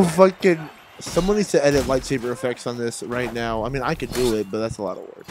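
A young man hosting a reaction video, exclaiming loudly and swearing often in casual commentary. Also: medium pitch, normal speed, soft background music. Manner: loud, excitable, profane exclamations.

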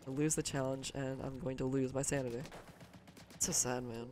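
A young man streaming a video game, chatting casually, cursing often and swinging from loud outbursts to quiet mumbling. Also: medium pitch, flat delivery, quick pace, slight background noise. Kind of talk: casual gaming livestream chatter.

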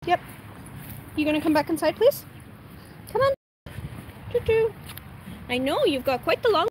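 A woman with a notably high voice chats casually on a home livestream and coos at her puppy in a sing-song tone. The audio is noisy, picked up by a camera she carries as she walks indoors and out. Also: sing-song, moderate pace. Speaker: livestream host. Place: at home, moving indoors and out to the garden.

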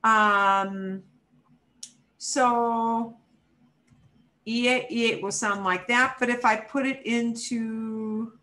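Woman teacher, unhurried, repeats words slowly, video call audio. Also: a little high, steady tone, bright, forceful tone, rough recording. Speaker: Spanish teacher. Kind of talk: online class instruction.

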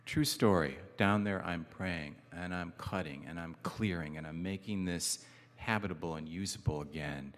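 A man delivers a conversational sermon from a church pulpit, his voice a little low. Long reverb from the sanctuary trails his words as he mixes gentle jokes with earnest points, falling soft and low on key phrases. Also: moderate pace. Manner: conversational preaching with self-deprecating humor. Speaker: guest pastor.

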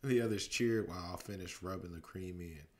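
A father reads a children's storybook aloud at bedtime in a deep, low voice. His narration is steady, and he slips into character voices along the way. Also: a little fast. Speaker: dad reading a bedtime story.

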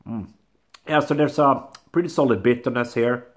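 A man's voice: mid-range voice, moderate pace. A man hosting a casual beer review vlog, chatty and talking to viewers as guys, often saying "I would say". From Sweden. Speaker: beer reviewer, channel host.

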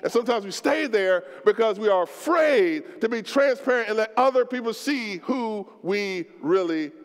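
A man preaching a sermon as pastor, impassioned and colloquial, swinging between shouted lines and low, slow ones, and acting out prayers in the first person. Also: lively intonation. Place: church sanctuary. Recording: long reverb of a church hall.

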